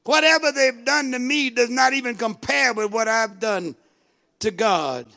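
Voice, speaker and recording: A man preaching a sermon in a very high, forceful voice with a gravelly edge. He drives his points hard, shouts at the peaks and repeats short asides to his listeners. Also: moderate pace.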